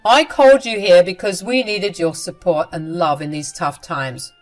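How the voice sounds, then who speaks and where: A woman's voice: fairly low pitch, normal speed, soft background music, lightly acted. A woman voicing an angry young husband who firmly defends his wife. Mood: indignant. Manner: firm, indignant.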